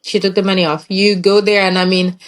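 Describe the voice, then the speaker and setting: A woman's voice: medium pitch, little pitch movement, brisk. A young woman tells her personal story in an interview, and it is full of emotion. She slips into the voices of the people in her story as she goes. Her voice sits in a middle range for a woman. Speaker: interview guest.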